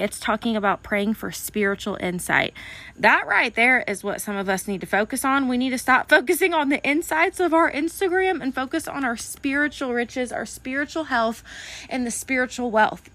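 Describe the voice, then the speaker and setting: A woman's voice: on the high side, fairly bright tone. Fervent woman preaching on a podcast. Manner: fervent and preachy, addressing listeners as honey and friend; emotional, voice wavering toward tears at times. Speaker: podcast host. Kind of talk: faith-based motivational podcast talk.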